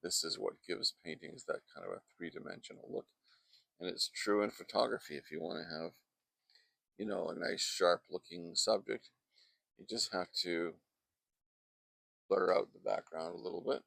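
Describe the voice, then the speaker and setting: Man, painting instructor, low gravelly voice, chatty and digressive, close dry mic outdoors. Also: normal speed, pauses often, fairly bright tone, dry recording. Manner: chatty, wandering off into asides. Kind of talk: casual painting demonstration. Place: outdoors in a backyard. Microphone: close microphone.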